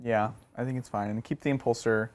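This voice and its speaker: Guy cohosting a tabletop gaming podcast, chatty and excitable, yells and laughs when stuff gets funny, average pitch. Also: a little fast. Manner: excitable, bursts into laughing exclamations. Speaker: podcast co-host. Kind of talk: casual chat answering questions.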